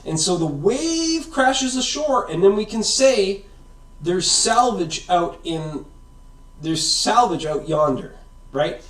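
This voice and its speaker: A science video host gives a casual, rambling explanation in a high-pitched, fairly bright voice, speaking slowly with lively intonation. He often checks in with "right?" and "okay?", and the recording is roomy and echoey, captured far from the mic.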